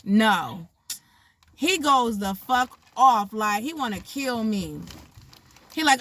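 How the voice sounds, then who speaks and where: A young woman telling a story casually, animated and profane, acting out the voices of the people in it. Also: fairly high pitch, takes it slowly, long pauses, slight background noise.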